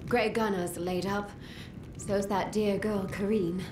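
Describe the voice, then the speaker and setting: A woman's voice: medium pitch, steady tone, takes it slowly, lightly acted. Woman playing a plain-spoken village blacksmith, echoey game audio, distant, noisy.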